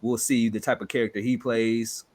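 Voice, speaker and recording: A Chicago man with a Chicago accent co-hosts a trailer reaction video, chatting casually with many fillers and animated bursts. His voice is mid-range at a moderate pace.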